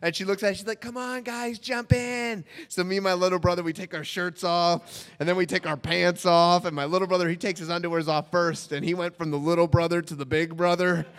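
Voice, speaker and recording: A young man tells a self-mocking comic story, stumbling through restarts. His voice sits high with a gravelly fry and a smooth, resonant core, and it rings with a long hall reverb. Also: flat delivery, fast talker.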